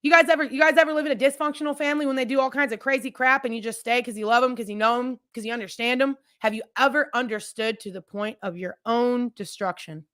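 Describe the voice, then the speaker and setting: A woman with a slightly higher voice hosts her own podcast and tells a personal story. She talks candidly and chattily, speaks right to her listeners, restarts her sentences and drifts into asides before coming back to the point. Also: fast, few pauses, fairly bright tone. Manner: rambling with frequent restarts and asides. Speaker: podcast host. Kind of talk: personal storytelling, casual chat.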